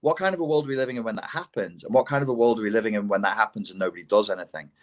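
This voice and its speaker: A man co-hosting a casual podcast conversation, talking in an animated way, swearing freely and building to indignant outbursts. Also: fairly low pitch, rapid-fire. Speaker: podcast co-host.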